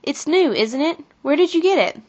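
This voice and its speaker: A sensible, friendly schoolgirl speaks politely and evenly, as a woman voices her in a storybook reading. Her voice is a bit high and the audio sounds dull. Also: animated, normal speed, a little mellow.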